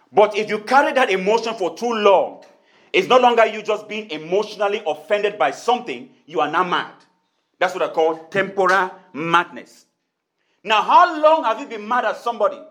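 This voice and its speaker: A man's voice: sits high, a bit bright. A man preaching a sermon, repeating his points and acting out little dialogues. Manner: preaching with repetition and acted-out dialogue. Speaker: pastor.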